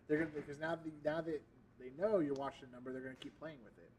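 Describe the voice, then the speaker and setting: A man co-hosting a casual chat, talking quickly and using lots of filler words. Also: on the high side, a little mellow, far from the mic, slight background noise, low-quality recording. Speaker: co-host.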